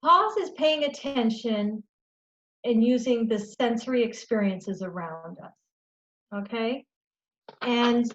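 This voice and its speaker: Gentle, reassuring woman presenter. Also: fairly high pitch, dull audio. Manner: gentle, reassuring, keeps checking in with "okay?". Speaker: presenter for caregivers. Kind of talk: educational webinar talk.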